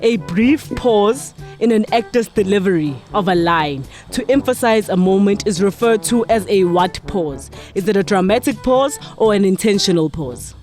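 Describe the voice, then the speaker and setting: A woman's voice: mid-range voice, lively intonation, normal speed, hardly any pauses, a little mellow, soft background music. A woman hosting a podcast quiz, reading questions in casual chat, teasing the players and laughing often. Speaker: podcast host running a quiz.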